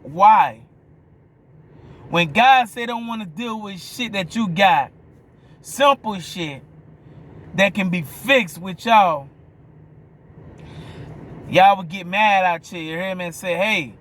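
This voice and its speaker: A man's voice: high voice, slow pace, pauses often, a bit bright, a little hiss or hum. A man with a New Orleans accent giving a blunt, profane opinion monologue, often stopping to ask if you hear him. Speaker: vlogger.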